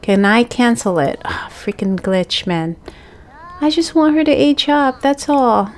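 A woman giving casual gameplay commentary, chatting to the characters on screen and bursting into excited exclamations. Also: a little high, measured pace, a little hiss or hum. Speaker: gaming channel host.

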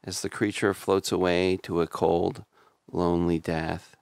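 Deadpan low-voiced male narrator. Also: unhurried, creaky, smooth, no room sound, clean studio sound. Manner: wry, deadpan summary. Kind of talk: comic storytelling voice-over.

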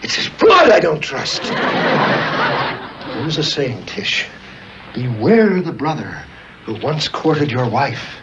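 An actor playing the passionate, theatrical husband of a ghoulish family in a 1970s TV comedy, talking in a florid, ardent way. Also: male voice, a little high, huge pitch swings, takes it slowly, long pauses, background noise, heavily acted. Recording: dull TV soundtrack with music.

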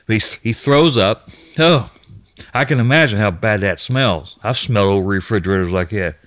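A man's voice: lowish voice, normal speed, a bit bright, dry recording. A man casually retelling what another person found in an abandoned store, rambling with restarts and mild cursing. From United States. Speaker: YouTube storyteller.

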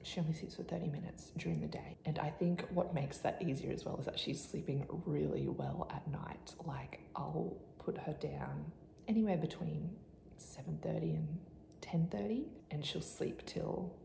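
Chatty young woman, gravelly whispers. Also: low-pitched, moderate pace, mellow. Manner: chatty, rambling, often whispers. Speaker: vlogger, first-time mum. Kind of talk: casual chat to camera. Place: home, indoors. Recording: echoey room, faint ambience.

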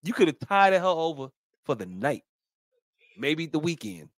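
A man's voice: fairly high pitch, measured pace, no room sound. A man co-hosting a casual podcast, reading out a text thread and giving his blunt, slangy, profane opinion. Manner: animated storytelling, profane, slangy. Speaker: podcast co-host. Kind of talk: casual podcast chat, reading texts aloud.

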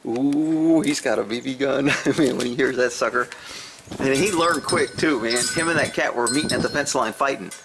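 A man chatting casually in an outdoor vlog, laughing often and scolding his pets in a high sing-song voice. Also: moderate pace, creaky, background noise. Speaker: horse and pet owner vlogger.

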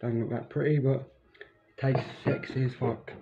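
Young man, flat monotone, swears freely, muffled noisy kitchen recording. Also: mid-range voice, normal speed. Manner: blunt, sweary, offhand. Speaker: vlogger. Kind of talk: casual cooking vlog. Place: home kitchen. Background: household chatter and noise.

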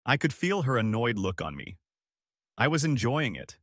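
A man narrating a first-person dramatic audiobook story in a measured, expressive way. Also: medium pitch, no room sound, clean studio sound.

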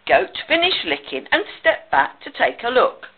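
In a slow, expressive storytelling style, a woman reads a children's picture book aloud. Her voice is high-pitched and slightly rough, and the recording sounds tinny, like a phone.

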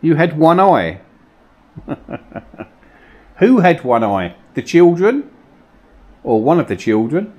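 Lively man calling out to spirits. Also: on the high side, slow, long pauses. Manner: questioning, coaxing, uneasy. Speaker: paranormal investigator host. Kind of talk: ghost-hunt vlog, calling out to spirits. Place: old mill cellar rooms, indoors.

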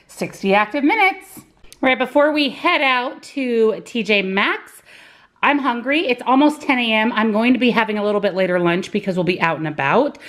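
A woman in her thirties, a lifestyle vlogger, is still breathless from a workout as she films an upbeat vlog around her home garage and kitchen. She chats casually with viewers in a slightly high, somewhat bright voice.

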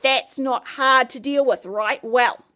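A woman with a high voice giving a devotional talk. She speaks earnestly and conversationally, with lively asides to her listeners. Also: takes it slowly. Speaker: Christian speaker.

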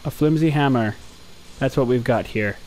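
A young man commentating his gameplay, jumpy and talking back at the game, yelping and shouting at times. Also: mid-range voice, normal speed. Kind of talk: let's play commentary. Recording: noisy game audio underneath.

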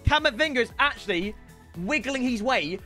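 Brief: young man, gaming commentary, high lively voice, bursts into shouts, music underneath. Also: normal speed. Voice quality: loud shouting outbursts and laughing banter. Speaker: gaming YouTuber. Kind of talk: excitable gameplay commentary.

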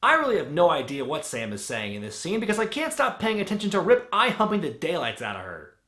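A man's voice: on the high side, huge pitch swings, quick pace, sharp tone. A man hosting a comedic movie review, narrating in a sarcastic, wisecracking way. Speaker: host. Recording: roomy with music bed.

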